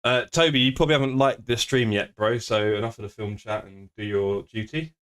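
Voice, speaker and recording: A man's voice: fairly low pitch, steady tone, a little fast, a bit bright, clear, resonant tone. A man, streaming sim racing and bantering casually with his live chat, joking and laughing often. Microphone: desk streaming microphone.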